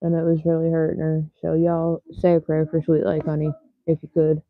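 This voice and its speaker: A woman's voice: low-pitched, completely flat delivery, fairly quick, no room sound. A woman chatting casually with her livestream viewers, talking bluntly and swearing a lot. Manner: blunt and heavily profane. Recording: tinny phone-like dry sound.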